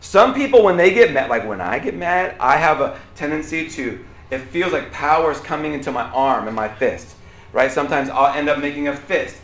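A man preaching a sermon to a room, animated, swinging from loud outbursts to quiet asides and asking the audience questions. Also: on the high side, moderate pace, echoey room. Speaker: pastor.

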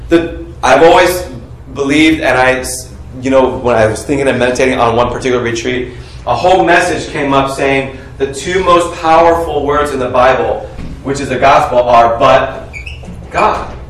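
A man preaching a sermon, calling on the congregation to finish his sentences and shout out answers. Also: medium pitch, moderate pace, a little hiss or hum. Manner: animated, coaxes the congregation to call out answers. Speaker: pastor. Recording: echoey room, heard from a distance.

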